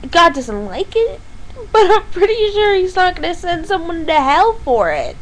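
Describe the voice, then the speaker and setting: A woman's voice: very high-pitched, sing-song, normal speed, slight background noise, rough recording. A young woman ranting in a vlog, blunt, exasperated and sarcastic. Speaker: vlogger.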